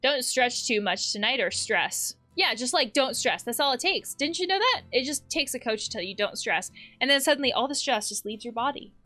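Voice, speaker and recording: A woman's voice: high-pitched, lively intonation, brisk, few pauses, bright, forceful tone, soft background music. A woman therapist playing a video game, casually reading text messages aloud with playful, laughing asides. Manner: playful, laughs and swears between read-out lines.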